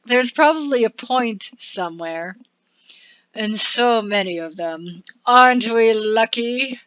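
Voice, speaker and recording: A woman's voice: on the high side, expressive, moderate pace, clean tone, dry recording, lightly acted. Woman voicing a theatrical court bard, sly and sinister under the gushing, odd accent, dry and dull. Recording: dull lo-fi recording.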